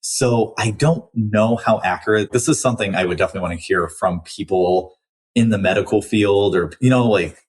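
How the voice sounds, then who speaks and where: A man's voice: fairly low pitch, fairly quick, breathy edge. A young man hosting a book podcast, chatting casually through a review with lots of likes and restarts.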